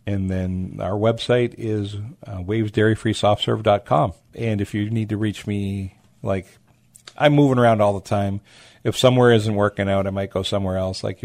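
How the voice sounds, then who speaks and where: Low gravelly-voiced man telling stories. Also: dry recording. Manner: animated, acts out quoted voices. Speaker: guest, food truck owner. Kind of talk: casual storytelling interview.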